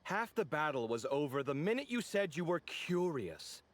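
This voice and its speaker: An actor voicing an expressive, easily indignant young architect in a game, full of quick banter. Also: male voice, on the high side. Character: dramatic, sociable young male architect. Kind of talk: game voice acting.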